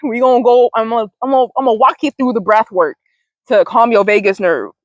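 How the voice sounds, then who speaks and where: A fast-talking woman with a fairly high voice hosts her wellness show, chatting casually to the camera. Her speech is slangy and rambling, full of repeated words, frequent laughter, and occasional swearing. The audio is dull, with no room sound.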